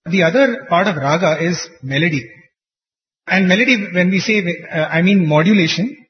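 This man's voice is high-pitched with lively intonation and a moderate pace. He teaches a group about devotional singing in an earnest, explanatory way, laughing softly at his own anecdotes, captured dully in an echoing hall.

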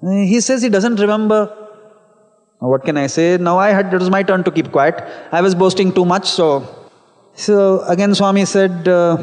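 A man in middle age, a teacher by trade, recounts a personal story with earnest, self-deprecating candor. His voice sits notably high. A long hall reverb trails his words. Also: normal speed, a little mellow.

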